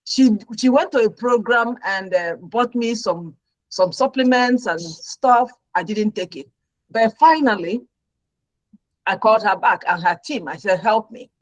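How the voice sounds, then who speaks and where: Middle-aged female guest, nurse, dramatic storyteller, dry voice, mid pitch. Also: measured pace, no echo, rough recording. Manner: animated storyteller who acts out her own past reactions. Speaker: talk show guest, registered nurse. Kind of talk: personal story told on a talk show.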